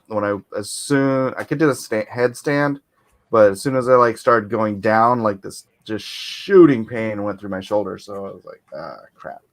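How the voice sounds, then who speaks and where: A man's voice: lowish voice, a bit bright. Guy hosting a live stream, rambly, laughs a lot, talking into his computer mic. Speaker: livestream host. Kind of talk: casual chat on a livestream. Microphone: computer mic on a video call.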